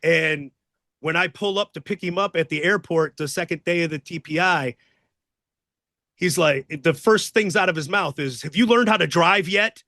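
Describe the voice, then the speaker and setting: A man telling profane, excitable wrestling stories in a casual interview, acting out the shouts of people in them. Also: a little high, normal speed, dry recording, clean studio sound. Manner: profane, excitable storyteller acting out others' voices.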